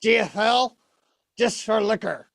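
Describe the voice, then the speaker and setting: A man's voice: high voice, unhurried, gravelly, a bit bright, no echo, pitched above the performer's own voice, heavily acted. A man voicing a rude, liquor-loving male ventriloquist puppet that trades snarky insults in a stage act.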